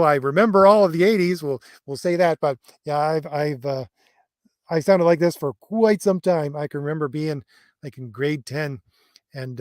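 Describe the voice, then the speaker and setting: A man's voice: fairly high pitch, no room sound, clean studio sound. A middle-aged man hosting a livestream, reading viewer comments aloud in a rambling way, with many fillers and chuckles. He says his voice has always been heard as an old man's. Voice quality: voice that others hear as an old man's. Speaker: host.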